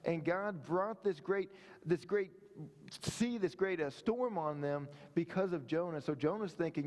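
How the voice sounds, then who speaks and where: A man's voice: a little high, unhurried, a little mellow, in a large hall. A pastor preaching a sermon in a conversational way, often checking in with his listeners. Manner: conversational preaching with frequent "right?" asides. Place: church sanctuary.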